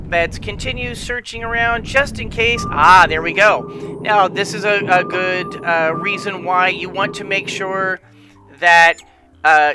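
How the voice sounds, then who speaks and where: A man's voice: high voice, sharp tone, smooth. A man casually explaining a space strategy game as he plays, tired late at night, rambling with lots of fillers and restarts. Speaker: gameplay commentator. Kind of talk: casual let's-play commentary.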